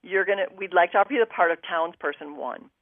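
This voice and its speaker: A woman guest on a talk show tells a personal story, acting out her own thoughts and what others said to her. She speaks fast with a fairly low pitch, and the audio is phone-quality with no echo.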